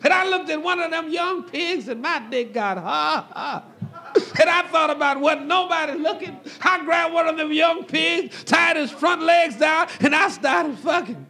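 A man telling a raunchy stand-up story with a loud, shouting delivery. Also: extremely high pitch, unhurried, gravelly. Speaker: stand-up comedian.

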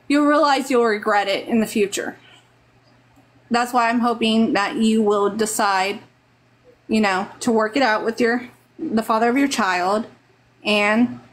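Speaking into a phone mic on a live stream, a woman from Texas gives earnest, motherly advice that tends to ramble. She has a Texan accent and a slightly high voice.

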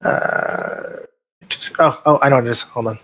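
A man with a medium-pitched, ordinary voice takes his turn in an online tabletop game, fumbling through his actions with hesitant pauses and quick restarts. His voice comes over dull, lo-fi voice chat audio. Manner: hesitant, lots of uh and restarts, chuckling. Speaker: player.

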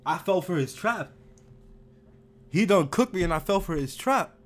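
A young man giving casual, profanity-heavy commentary while playing a video game, swinging from low muttering to sudden loud outbursts. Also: animated, moderate pace. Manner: swings from mumbling to yelling, heavy swearing. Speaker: gamer. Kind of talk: live gameplay commentary.

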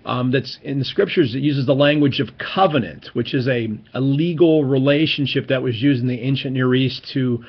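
A man's voice: mid-range voice, normal speed, few pauses, husky, muffled recording. A man giving an informal, enthusiastic Bible teaching lecture, stressing key words as he explains.

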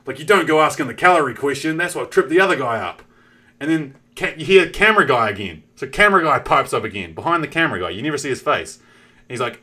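Animated swearing New Zealand guy. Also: a little high, quick pace. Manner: animated, profane, acts out the characters. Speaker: game streamer. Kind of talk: casual storytelling on a stream.

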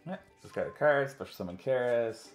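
A man's voice: mid-range voice, expressive, a little fast. A man chats through a card game match as co-host, rambling along with plenty of filler words. His voice sits in a roomy, echoing space. Faint music plays underneath. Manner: chatty, rambling with many "like" fillers. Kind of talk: casual game commentary. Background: faint background music.

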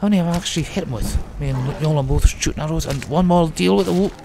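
Gravelly man. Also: on the high side, fast, background noise. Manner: chatty, jokey, talks to himself while playing. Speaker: let's play host. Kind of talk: casual gameplay commentary.

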